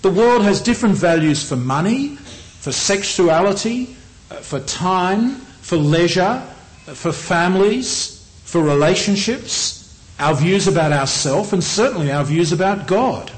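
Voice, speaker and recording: A middle-aged man with an Australian accent preaching a sermon in a measured, earnest way, often slowing down on key phrases. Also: high-pitched, expressive, rough recording.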